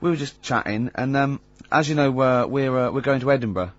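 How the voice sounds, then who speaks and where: A man's voice: medium pitch, fairly quick, no echo. A man hosting a casual radio show, telling rambling anecdotes and laughing often. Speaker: radio host. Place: radio studio. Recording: lo-fi radio recording.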